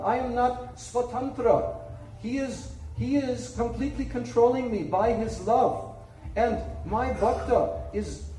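A gentle, unhurried god speaks in a hushed, tender voice, as a man puts him on. The sound is mellow and heard from a distance. It carries the echo of a large room. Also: sits high, slight background noise. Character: calm, gentle male supreme god. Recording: echoey room, distant mic.

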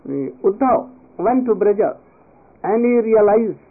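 A man's voice: sits high, expressive, measured pace. A man giving a devotional discourse, telling a sacred story and prompting listeners to finish his words. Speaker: spiritual teacher. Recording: tinny phone-like audio.

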